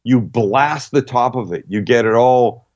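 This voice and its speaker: A man's voice: medium pitch, a little slow, a little mellow, highs cut off. A middle-aged man chatting casually on a radio show as a cooking guest, brash and profane, walking through recipes step by step.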